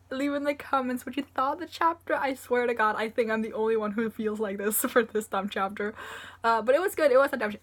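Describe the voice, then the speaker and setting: A woman's voice: medium pitch, fairly bright tone. A woman reviewing a manga chapter in a casual, rambling way, tearful and choked up as she gushes about it. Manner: rambling and gushing, full of fillers and swearing.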